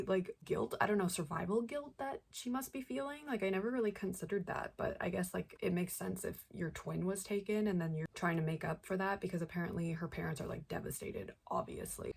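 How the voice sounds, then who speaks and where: Gravelly-voiced young woman chatting about books. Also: on the low side. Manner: chatty, heavy use of "like", reacts with feeling. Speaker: book vlogger. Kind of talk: casual book review chat.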